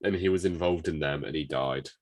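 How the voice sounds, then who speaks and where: A man co-hosting a podcast in casual chat, animated, telling anecdotes and joking around. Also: a bass voice, fairly quick. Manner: animated, tells anecdotes, does impressions. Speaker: podcast co-host.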